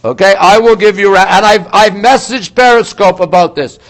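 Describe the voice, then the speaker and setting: A man's voice: high-pitched, fairly quick, a bit bright, no echo, poor audio. An older man from Montreal ranting in casual chat on a live stream, talking straight to his viewers and reading out their comments. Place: outdoors in a big city at dawn. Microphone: phone.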